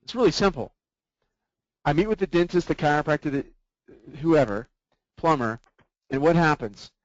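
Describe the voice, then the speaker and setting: A man leading a sales training webinar, often checking in with his listeners through quick rhetorical questions. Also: fairly high pitch, expressive, no room sound, muffled recording.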